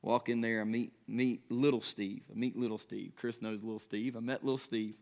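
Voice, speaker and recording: A man's voice: mid-range voice, fairly even intonation, normal speed, gravelly, a little mellow. A man in his thirties, a pastor, preaching in a conversational way, asking the congregation questions and checking in with them. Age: 30s. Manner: conversational preaching with rhetorical questions and frequent "right?". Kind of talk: sermon.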